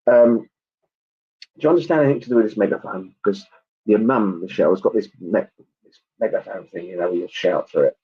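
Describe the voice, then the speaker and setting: A man gives a clairvoyant reading at a church service. His voice sits low with a husky edge. He talks in a chatty, halting way, full of ums and asides, and the online stream sounds dull and lo-fi. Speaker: spiritualist medium.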